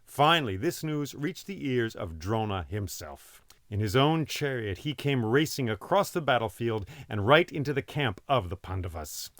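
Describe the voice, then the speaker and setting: A man telling an epic tale aloud in an expressive, dramatic way. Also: medium pitch, normal speed, hardly any pauses, no echo, studio quality. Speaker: storyteller. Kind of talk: oral storytelling.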